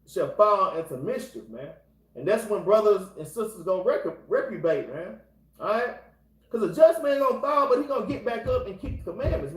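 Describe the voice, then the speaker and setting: High-voiced man teaching scripture, echoey room. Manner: casual street-talk, exhorting, repeats a filler address constantly. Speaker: Bible class teacher. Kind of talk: informal scripture class.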